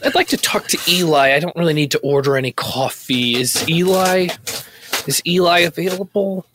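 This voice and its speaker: A man's voice: on the high side, moderate pace, background noise. A man performing improv comedy, playing sheepish and stammering through his lines.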